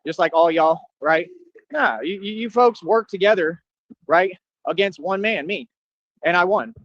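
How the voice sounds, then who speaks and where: A man with a high voice rants as a streamer, boasting and taunting his listeners in a confrontational monologue. He takes his time, and the dry recording has a dull lo-fi sound.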